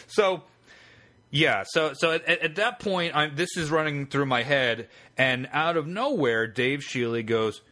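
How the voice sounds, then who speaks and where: A man's voice: fairly high pitch, measured pace, bright, forceful tone. A man co-hosting a podcast, telling a long, rambling and profane story in casual chat. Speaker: podcast co-host.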